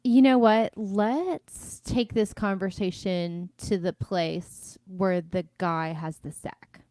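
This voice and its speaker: A woman's voice: medium pitch, fairly even intonation, takes it slowly, warm tone, no room sound. A woman player in a tabletop game, talking in a playful, chatty way.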